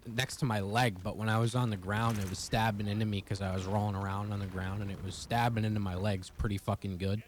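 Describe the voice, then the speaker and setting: Talking to his viewers with a voice on the low side, a young male vlogger rambles fast through a personal story, swearing casually. Slight background noise is present.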